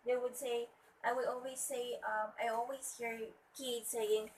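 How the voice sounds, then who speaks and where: A woman teacher giving a pronunciation lesson, slowly repeating each word to model its stress. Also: fairly high pitch, slight background noise. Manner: slow and deliberate, repeats words to model stress. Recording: voice from a distance with faint ambience.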